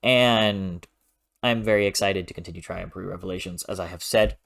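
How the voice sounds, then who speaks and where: A man hosting a casual book vlog, talking in a playful, animated, rambling way, often correcting himself and clearing his throat. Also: deep voice, normal speed. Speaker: book reviewer, channel host.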